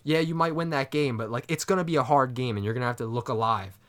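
A man's voice: mid-range voice, quick pace. A man co-hosting a casual sports podcast, ranting in frustration with swearing. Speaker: podcast co-host.

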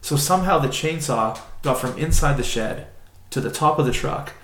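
A man co-hosting a podcast, telling a story in a casual, animated, rambling way and using "like" often. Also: a little high, moderate pace. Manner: animated, rambling, many "like" fillers. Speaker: podcast co-host. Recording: roomy echo.

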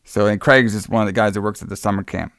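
A man's voice: on the low side, steady tone, fast talker, fairly bright tone, no echo, clean studio sound. A man casually retelling a film's plot in a loose, rambling way, breaking into quoted lines. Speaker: podcast co-host. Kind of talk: casual movie recap chat.

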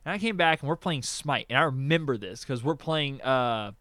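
A man's voice: mid-range voice, normal speed, fairly bright tone, dry recording. A man chatting casually as a podcast co-host, acting out quotes and swearing as he tells stories. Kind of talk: casual chat.

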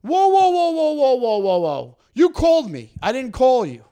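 A man imitating a pushy male hotel telemarketer who falls into sales patter and quickly gets indignant. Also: extremely high pitch, a little mellow, pitched above the performer's own voice.

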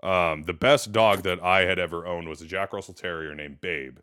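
A man in his thirties hosting a casual podcast chat. He tells animated stories and laughs often. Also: sits low, normal speed, smooth. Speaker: podcast host.

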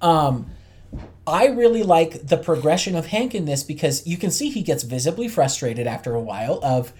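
A man's voice: fairly high pitch, very animated, normal speed, darkish tone, slightly rough. Candid man co-hosting a chat podcast. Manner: candid, thinks aloud with restarts. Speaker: podcast co-host. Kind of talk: casual chat.

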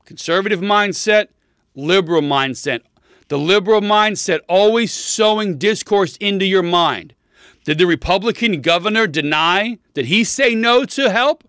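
A man's voice: high voice, measured pace, fairly bright tone, smooth, no echo, clean studio sound. Heated, profane man ranting. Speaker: podcast host. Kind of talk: political commentary rant.

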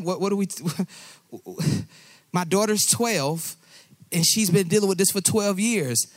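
A man's voice: high-pitched, animated, measured pace, no echo, clean studio sound. A man preaching a sermon with passion, repeating phrases and rising into a singsong cadence. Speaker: pastor.

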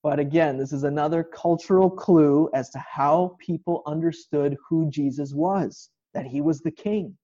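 A man's voice: on the high side, moderate pace, few pauses, dark tone, dull audio. A male pastor giving an informal online sermon from a home kitchen, explaining scripture in a conversational way.

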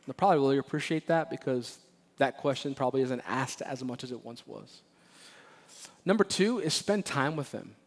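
A man preaching a sermon as pastor of a church, animated and emphatic, often repeating phrases and playfully acting out Bible characters. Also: medium pitch, moderate pace. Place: church sanctuary.

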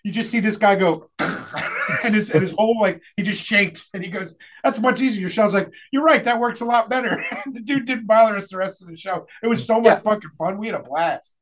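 A young man hosting a podcast, telling a concert story in a casual, animated way with laughter and swearing. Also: high voice, brisk. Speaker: podcast host.

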